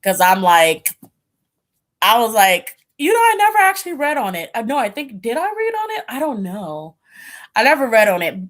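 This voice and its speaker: A woman who reads tarot, chatting casually to her viewers and telling a story with lively slang asides. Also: on the high side, moderate pace. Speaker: tarot reader and channel host. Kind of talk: casual chat to camera.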